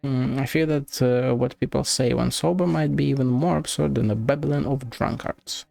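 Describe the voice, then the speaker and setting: A man's voice: medium pitch, normal speed, vocal fry, a little mellow, no room sound. A man reading aloud the lines of a genteel, formal café proprietor in a game. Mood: courteous.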